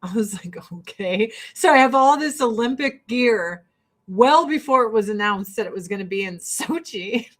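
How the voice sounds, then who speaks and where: A woman from the United States chatting casually while getting ready, telling stories in a profane, animated way. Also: on the high side, normal speed. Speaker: vlogger.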